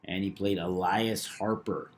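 A man hosting a video, talking through number patterns in a measured, knowing way. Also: deep voice, steady tone. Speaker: numerology video host. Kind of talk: casual monologue.

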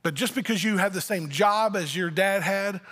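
A man's voice: high voice, moderate pace, a bit bright, in a large hall, faint music behind. A man preaching a sermon as pastor, talking in a conversational way and acting out little family dialogues. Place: church sanctuary.

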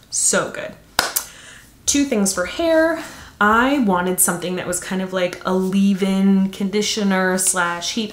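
A woman talks through her beauty haul in a chatty, gushing way, trailing off into fillers as she goes. Her voice sits at an ordinary middle pitch. The room around her gives it a noticeable echo. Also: a bit bright. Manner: chatty, enthusiastic, lots of fillers. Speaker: beauty vlogger. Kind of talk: casual product haul chat.

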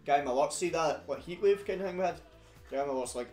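A man's voice: a little high, quick pace, a little mellow. A young Scottish man chatting casually as co-host, laddish and sweary, laughing often. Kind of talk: casual chat. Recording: echoey room with music behind.

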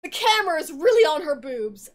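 Tipsy, giggly high-voiced woman rambling. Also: very animated, fairly quick. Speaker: podcast host. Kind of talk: casual chat.

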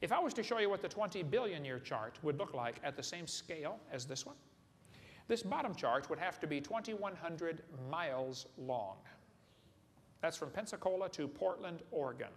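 Folksy joking male lecturer, gravelly voice. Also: fairly high pitch, lively intonation, moderate pace. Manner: folksy, joking, asks the audience questions. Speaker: seminar speaker. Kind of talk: humorous lecture to a live audience. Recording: echoey hall, faint room noise.

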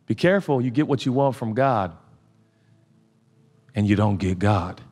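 A man preaching a sermon as pastor, dropping low and quiet, then building to loud shouts. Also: lively intonation, a little slow, in a large hall.

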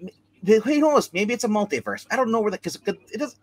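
A man's voice: high-pitched, very animated, brisk, rough recording. A man hosting a casual chat show, rambling with many restarts and fillers.

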